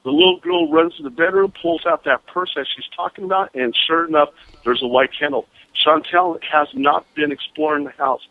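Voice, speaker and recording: A man calling in as a guest, telling ghost stories in an animated, excitable way with frequent laughs. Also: on the high side, moderate pace, no room sound. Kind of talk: phone-in storytelling. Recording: tinny phone line.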